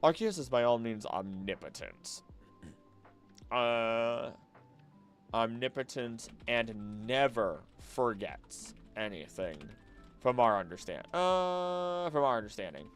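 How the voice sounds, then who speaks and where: Late at night on stream, a young man muses aloud in a rambling, easily distracted way, frequently restarting sentences and wandering off topic. He speaks slowly but very animatedly at medium pitch, with soft music playing behind him.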